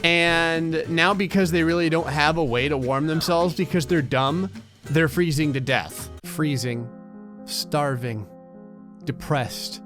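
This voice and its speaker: A man narrates a life-sim game in a sarcastic, joking way, slipping into quick voices for the characters. His voice sits a little high for a man. Faint music plays under his commentary. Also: a bit bright. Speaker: gaming channel host. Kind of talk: comedic gameplay commentary.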